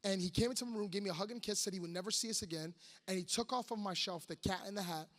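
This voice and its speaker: A man quietly voicing his heartbroken mentor in a long, reverberant hall. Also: high-pitched, lively intonation, normal speed. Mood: sorrowful.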